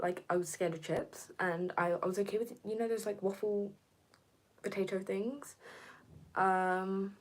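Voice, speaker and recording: A young woman chatting on a live stream and reading comments, rambling with lots of fillers, slipping into soft whispers and jumping high when excited. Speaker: content creator.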